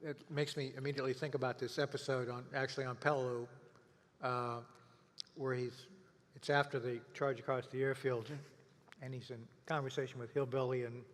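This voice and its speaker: A man's voice: mid-range voice, level tone, fairly quick. Brief: older male interviewer, mid-range voice, hesitant with lots of fillers, hall echo. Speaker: interviewer and veteran. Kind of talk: panel conversation. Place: conference stage.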